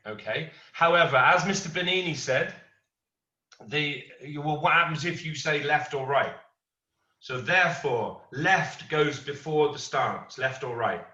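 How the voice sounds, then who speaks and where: A man's voice: fairly high pitch, unhurried. A middle-aged man teaching a martial arts class, telling an anecdote and acting out what others said. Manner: storytelling, animated quoting of others. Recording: roomy, distant, dull lo-fi.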